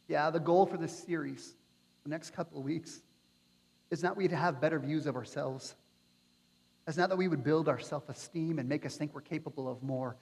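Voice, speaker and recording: A male pastor preaching a sermon with passion, building to near-shouts at his high points. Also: normal speed, vocal fry. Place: church sanctuary. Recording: long hall reverb.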